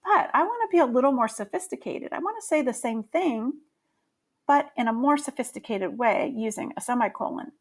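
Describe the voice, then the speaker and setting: A woman's voice: a little high, expressive, fairly quick. A woman explaining grammar to middle schoolers in a friendly way, with frequent ums. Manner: friendly and explanatory, with many fillers. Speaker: teacher. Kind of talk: grammar lesson.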